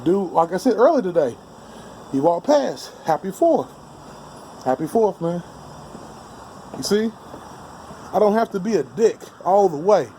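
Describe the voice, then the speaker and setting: A man's voice: high voice, big pitch swings, measured pace, pauses often, mellow, slight background noise. A man giving a blunt, heated, profane rant to camera outdoors, heavy with street slang. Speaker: vlogger. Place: outdoors on steps.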